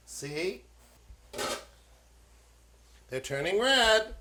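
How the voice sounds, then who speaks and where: A man's voice: fairly high pitch, animated, a little slow, bright, forceful tone, a little hiss or hum. A man with a Maine accent hosting a home cooking show, talking fussily to children and breaking into old-fashioned exclamations. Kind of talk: playful cooking demonstration for children. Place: home kitchen.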